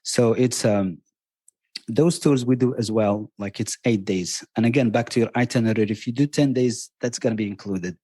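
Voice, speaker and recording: A man's voice: mid-range voice, moderate pace, dark tone, no echo. A middle-aged man from Morocco with a Moroccan accent, chatting on a podcast as a travel guest, eager and rambling with many restarts. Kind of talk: casual podcast chat. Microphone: podcast microphone.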